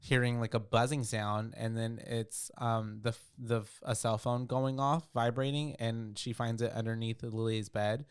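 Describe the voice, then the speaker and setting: A man's voice: mid-range voice, level tone, normal speed, few pauses, clean tone, dry recording, studio quality. A man co-hosting a podcast, recapping a film in rambling casual chat with lots of fillers and swearing. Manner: rambling, profane, with many fillers. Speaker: podcast co-host.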